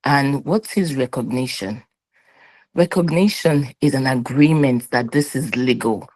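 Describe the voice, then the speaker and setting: A woman's voice: a bass voice, unhurried, a little mellow, rough recording. A woman giving a motivational talk, emphatic and instructive, acting out little dialogues with her own soul. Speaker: motivational speaker.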